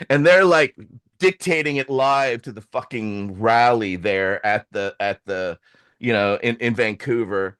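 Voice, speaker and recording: A man telling a story in casual podcast chat, animated and profane, acting out the voices of the people he quotes. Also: mid-range voice, a little slow, clear, resonant tone, no room sound, studio quality.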